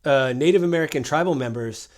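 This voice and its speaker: A man's voice: on the high side, quick pace. A man co-hosting a political podcast, retelling incidents and acting out what people said. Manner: storytelling, acts out quoted exchanges. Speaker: podcast co-host. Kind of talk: casual political chat.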